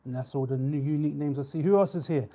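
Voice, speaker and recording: During a live weigh-in stream, the young host's voice sits on the high side. He talks easily with his viewers and calls out their names in long, drawn-out shout-outs.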